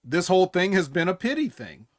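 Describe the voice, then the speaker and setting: A man's voice: high voice, big pitch swings, brisk, no room sound, clean studio sound. A man co-hosting a casual wrestling podcast, blunt and opinionated, swearing freely as he recaps matches. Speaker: podcast co-host.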